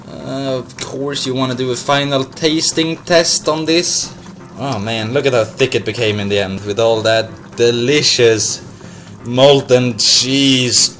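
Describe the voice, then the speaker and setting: A man's voice: medium pitch, fairly even intonation, measured pace, fairly bright tone, faint music behind. Goofy young man hosting a cooking show. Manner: goofy, rambling, slips into silly voices and chants. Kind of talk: casual improvised cooking demo.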